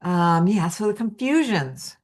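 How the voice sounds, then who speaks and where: A woman with a fairly low voice teaches energy healing in a loose, chatty way. She rambles through stories with many fillers and restarts. She often lifts her voice to act out quotes. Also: sing-song, unhurried, darkish tone. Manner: rambling, filler-heavy, acts out quotes in a lifted voice. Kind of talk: casual storytelling lecture.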